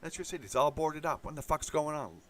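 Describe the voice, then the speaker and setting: A man's voice: a little high, animated, fast, slight background noise. A man hosting a casual monologue, rambling and swearing, with many fillers. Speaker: host.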